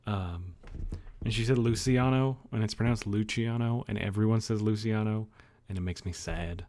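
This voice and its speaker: A man's voice: on the low side, darkish tone. A young man streamer in casual livestream chat, joking and laughing often.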